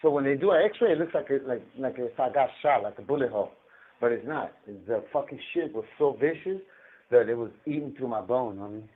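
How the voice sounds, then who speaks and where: This is a man talking over a tinny prison phone line, with a voice of ordinary pitch. He rambles and swears, stammering and doubling back on his words as he tells his story. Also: expressive, fairly quick. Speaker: inmate on a collect call. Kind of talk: casual storytelling.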